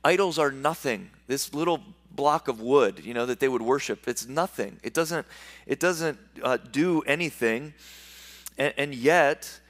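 A man's voice: mid-range voice, a little slow, a bit bright. A man preaching a sermon as a pastor, reading scripture aloud and explaining it, often restarting and repeating words.

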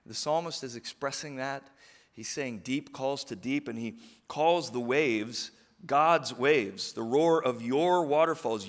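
A middle-aged man preaching a sermon, moving from quiet, earnest reflection to rousing calls to the congregation. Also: fairly high pitch, animated, moderate pace. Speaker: pastor. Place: church sanctuary. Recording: long hall reverb of a church.

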